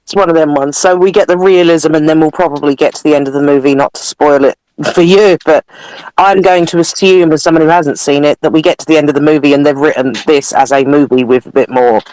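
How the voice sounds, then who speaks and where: A podcast co-host chatting casually about a film, musing aloud and tossing in asides. The voice sits at a middle pitch. The recording is dry and close. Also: steady tone, quick pace, darkish tone, clean tone, dry recording, rough recording. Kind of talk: casual film review chat.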